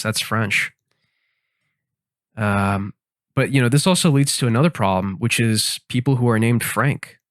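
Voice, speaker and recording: Slow, dry-voiced man musing mock-seriously. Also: mid-range voice, dry recording. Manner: mock-serious, tangential deadpan reasoning. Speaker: podcast host. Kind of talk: rambling comic monologue while gaming.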